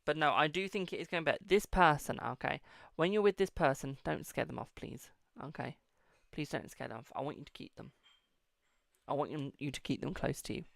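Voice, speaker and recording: A man's voice: mid-range voice, creaky, a bit bright, no room sound. A British man hosting a live-stream tarot reading, chatty and affectionate, calling viewers darling and boo.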